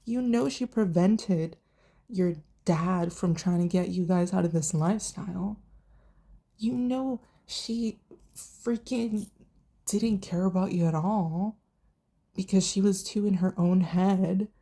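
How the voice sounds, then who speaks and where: Young woman, casual TV recap, unhurried, mellow, swears a lot. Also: mid-range voice, gravelly. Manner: chatty, profane, animated retelling with quoted voices. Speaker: TV reviewer.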